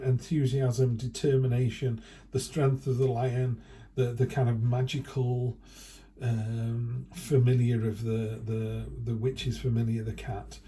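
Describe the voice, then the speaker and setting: A man's voice: mid-range voice, mellow. Chatty man reading tarot. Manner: chatty, rambling, with playful quoted asides. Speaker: tarot reader. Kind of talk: casual tarot reading monologue.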